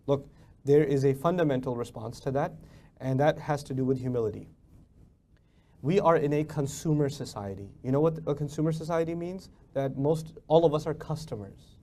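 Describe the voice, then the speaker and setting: A man's voice: medium pitch, warm tone. A man giving a religious lecture as a preacher, emphatic and full of rhetorical questions. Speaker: Islamic preacher.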